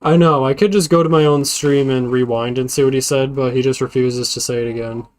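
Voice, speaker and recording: A man's voice: mid-range voice, fairly even intonation, a little fast, a little mellow. Easygoing man chatting on stream. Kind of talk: casual chat.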